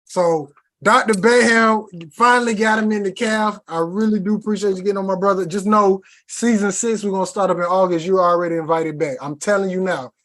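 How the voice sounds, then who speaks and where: A man's voice: high voice, fairly even intonation, a little fast, hardly any pauses, fairly bright tone. A man hosting a podcast, talking in loose, slangy casual chat with lots of restarts. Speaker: podcast host.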